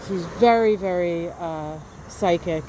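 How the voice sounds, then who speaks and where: A woman's voice: lowish voice, slow, background noise. A woman vlogging casually to camera outdoors in her garden, chatty and enthusiastic, often trailing off with fillers. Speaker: astrology vlogger.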